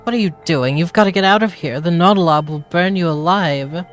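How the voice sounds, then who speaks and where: A fretful village mayor woman who rambles politely and keeps insisting all is well, as a man puts her on. The delivery is a little louder and higher than plain talk, with faint game music in the background. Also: moderate pace, lightly acted. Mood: panicked.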